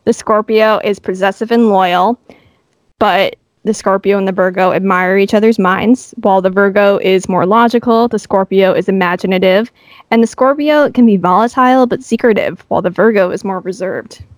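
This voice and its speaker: A woman co-hosts a chatty podcast, explaining her points in an easy, even way. Her voice sits in a middle register. It sounds dry and close, with no room around it. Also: medium pitch, moderate pace, dry recording. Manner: explanatory, reads from an astrology book. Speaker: podcast co-host. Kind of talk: casual chat, recapping a dating show.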